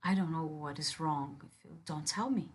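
A woman's voice: low voice, normal speed, husky. A woman in an audio role-play who speaks straight to the listener as a firm, commanding yet caring partner.

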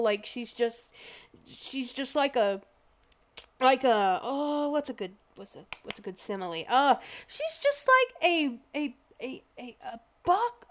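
A woman vlogger giving casual, rambling music commentary, excitable and full of exclamations and restarts. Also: sits high, clear, resonant tone.

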